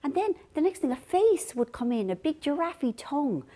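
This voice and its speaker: A woman's voice: high voice, sing-song, moderate pace, mellow. An Irish woman from Ireland chatting to camera as a vlog host, telling rambling, self-deprecating stories. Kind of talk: casual chat to camera.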